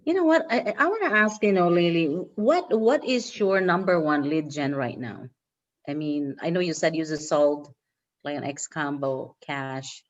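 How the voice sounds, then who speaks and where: A woman joining a video call, very low-pitched and eager, stammering as she asks questions. The line sounds dull and lo-fi. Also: animated, moderate pace. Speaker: meeting participant. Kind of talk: casual video call chat.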